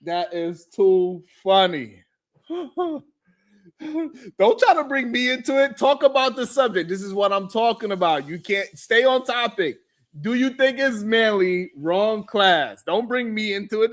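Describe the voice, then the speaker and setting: A man's voice: high-pitched, lively intonation, a little slow, fairly bright tone. A man hosting a heated panel debate, blunt and incredulous, often breaking into laughter. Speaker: host.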